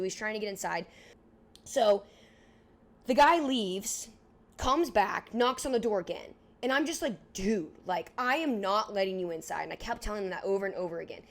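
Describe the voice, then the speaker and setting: A young woman in her twenties co-hosting a podcast, telling a story in a casual, animated way, filling it with "like" and acting out what people said. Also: mid-range voice. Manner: animated, heavy use of "like", acts out dialogue. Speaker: podcast co-host.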